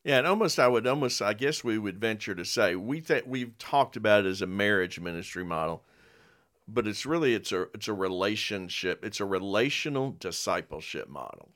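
Low-voiced man co-hosting a podcast. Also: lively intonation, a little fast, a bit bright. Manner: folksy, reads a quote aloud with hesitant fillers. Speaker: podcast co-host on marriage ministry. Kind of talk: casual conversational podcast.

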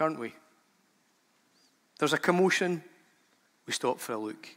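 A man's voice: fairly high pitch, bright, forceful tone. A man preaching a sermon as a pastor, emphatic and repeating phrases for effect. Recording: long hall reverb.

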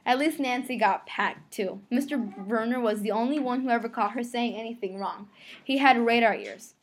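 Woman, fairly high voice, reading a novel aloud, conversational first-person storytelling. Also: moderate pace. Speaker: reader.

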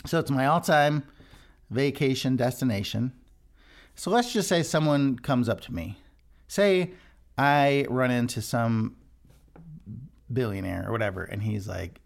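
Earnest gravelly-voiced male podcaster. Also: medium pitch, lively intonation, a little slow, pauses often. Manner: earnest, conversational, frequent restarts. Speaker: worship leader, podcast host. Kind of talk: devotional podcast talk.

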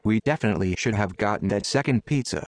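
A man's voice: lowish voice, fast talker, no room sound, lightly acted. A man voicing a playful, sweet young man while reading a story aloud. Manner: playful, teasing.

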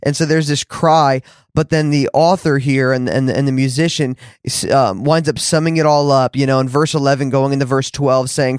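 A man's voice: mid-range voice, fairly even intonation, normal speed, clear, resonant tone, dry recording, studio quality. A man hosting a faith podcast, speaking earnestly and encouragingly with casual fillers. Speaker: podcast host. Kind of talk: podcast interview, leading into prayer.

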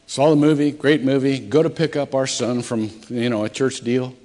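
A man's voice: medium pitch, fairly even intonation, normal speed, hardly any pauses. Middle-aged man, pastor, conversational sermon with big dynamic swings, recorded in a reverberant church sanctuary. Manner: conversational storytelling with dramatic swings in loudness. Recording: echoey church hall.

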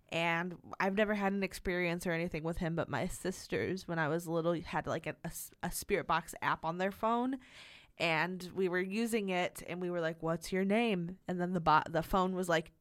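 A woman's voice: fairly low pitch, fairly bright tone, no echo. A young woman co-hosting a podcast, chatting casually and rambling, with frequent laughs. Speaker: podcast co-host. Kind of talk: casual chat.

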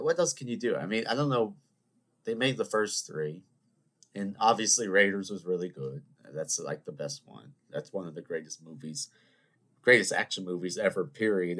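Rambling, animated young man. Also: sits low. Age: 20s. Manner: animated, rambling, self-mocking. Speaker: podcast host. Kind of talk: casual solo rambling chat.

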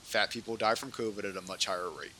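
Bright-voiced man on a heated rant. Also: lowish voice, fast talker, slight background noise. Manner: heated, repetitive ranting with many restarts. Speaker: podcast co-host. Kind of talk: political podcast rant.

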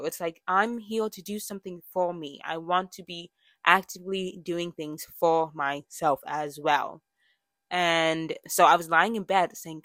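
A young woman talks through a casual personal monologue, candid and rambling, catching herself mid-sentence and starting over. Her voice sits a little low. It is recorded close and dry, with no room sound. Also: fairly even intonation, a little slow, a bit bright, no echo. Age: young adult. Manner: chatty and candid, with frequent fillers and self-corrections. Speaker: podcast host.

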